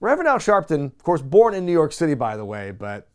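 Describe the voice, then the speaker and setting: A man's voice: a little high, very animated, fast talker, smooth. A man hosting a wrestling recap show, talking in a wry, chatty way and laughing at what he describes. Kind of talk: casual recap commentary.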